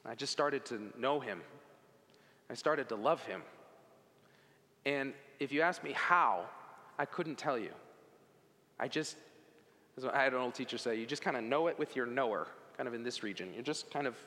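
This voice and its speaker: A man's voice: medium pitch, moderate pace, pauses often, sharp tone, in a large hall. A man giving a personal faith testimony to an audience, telling it in an earnest, conversational way with casual asides.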